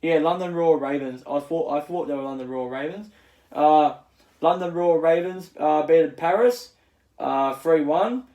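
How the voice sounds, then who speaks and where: A man with a slightly high voice hosts his own casual recap. He stumbles through it, full of fillers and restarts. The sound is echoey, as if recorded in a bare room. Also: a little slow, dark tone, lo-fi sound. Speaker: channel host. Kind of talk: casual esports results recap.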